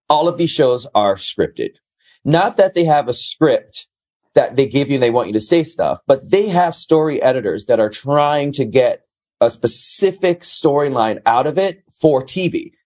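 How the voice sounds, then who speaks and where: A man's voice: medium pitch, very animated, a little slow, a little mellow. A man in casual conversation, telling stories in a blunt, profane way. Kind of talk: casual storytelling.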